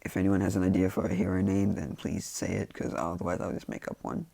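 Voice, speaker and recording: A man's voice: low voice, little pitch movement, fast talker, vocal fry, dark tone, breathy edge, no room sound. A man casually retelling a fan-made story in a loose, rambling way full of fillers.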